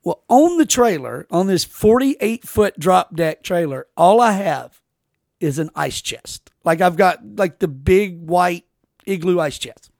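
A man's voice: high voice, lively intonation, unhurried, gravelly, a little mellow, no echo, clean studio sound. A man hosting a podcast, telling rambling, profane stories with lots of restarts. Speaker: podcast host. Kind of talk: casual podcast chat.

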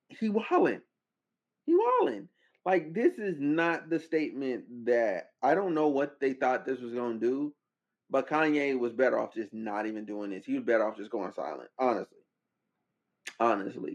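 A man hosting a casual commentary podcast, talking in a slangy way with incredulous, animated outbursts. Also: mid-range voice, dull audio. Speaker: podcast host.

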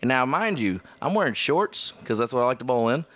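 Man, podcast host, bright lively storyteller, swears freely, voices the cops himself. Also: mid-range voice, brisk. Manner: laughing, swearing, acts out the cops' lines. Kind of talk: casual storytelling among friends.

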